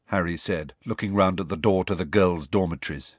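A man reads a story aloud in a low, slightly husky voice. His delivery is expressive, with wide, lively swings in pitch. The sound is dry and close. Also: a little fast, dry recording. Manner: expressive storytelling that shifts voice for each character. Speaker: audiobook narrator. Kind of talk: scripted narration.

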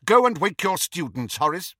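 A man's voice: high voice, very animated, moderate pace, a bit bright, no room sound, studio quality, voice pushed up, full character voice. A man playing a stern older witch in command. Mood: firm. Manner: clipped, authoritative.

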